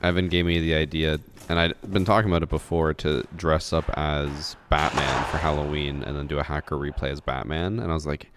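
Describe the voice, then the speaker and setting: A man's voice: rumbling low, fairly even intonation, a little fast, hardly any pauses, heavy background noise. A man streaming a shooter game, talking in a laid-back, joking way with his co-player. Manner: laid-back, laughing, self-deprecating. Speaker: gaming streamer. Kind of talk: casual gameplay chat.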